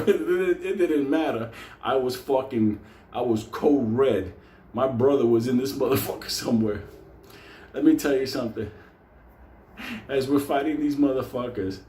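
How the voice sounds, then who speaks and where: A man's voice: mid-range voice, darkish tone, reverberant. A man telling a wild story in a rowdy, profane way, often laughing as he talks.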